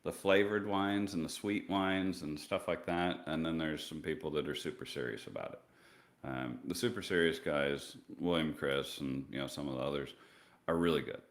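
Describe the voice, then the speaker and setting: A man hosting a casual livestream, talking in a rambling, joking way with quick asides. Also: a bass voice, steady tone. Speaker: company co-founder hosting a livestream.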